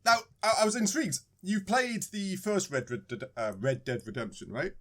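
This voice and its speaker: A British man co-hosting a casual podcast, speaking a touch higher than most men. He jokes, rambles and corrects himself mid-sentence. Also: very animated, normal speed. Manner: joking, rambling, self-correcting. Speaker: podcast co-host.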